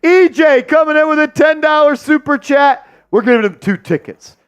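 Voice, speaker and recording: High, lively hyped-up stream host. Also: male voice, moderate pace. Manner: loud, hyped, shouts out super chats. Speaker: host of a live watch-party stream. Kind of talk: hyped live stream chat and play-by-play.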